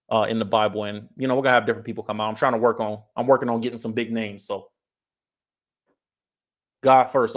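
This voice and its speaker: Male streamer from California, easygoing chat delivery, frequent laughs, reads comments aloud. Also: medium pitch. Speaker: livestream host. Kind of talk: casual livestream chat.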